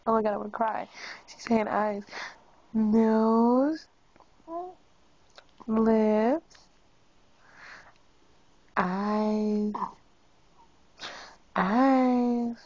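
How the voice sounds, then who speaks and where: A woman coaxing a baby to say words, repeating them slowly in a home video. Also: medium pitch, a little mellow, highs cut off, slight background noise. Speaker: parent teaching a baby words.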